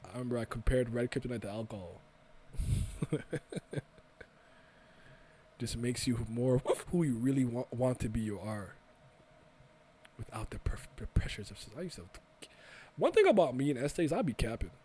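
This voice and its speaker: A man's voice: medium pitch, animated, normal speed, long pauses, warm tone, a little hiss or hum. A young man co-hosting a casual podcast, rambling through restarts and swearing freely as he chats. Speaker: podcast co-host. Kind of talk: casual chat.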